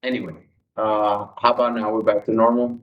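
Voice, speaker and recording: A lower-voiced man hosting a relaxed livestream, thinking out loud and slipping into soft self-talk before picking back up. He sounds set back from the mic, and the stream audio is dull and lo-fi. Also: normal speed, far from the mic, a little hiss or hum. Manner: self-talking, musing aloud, drifts quiet then loud. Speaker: livestream host. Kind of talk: casual livestream chat. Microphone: streaming mic, turned away at times.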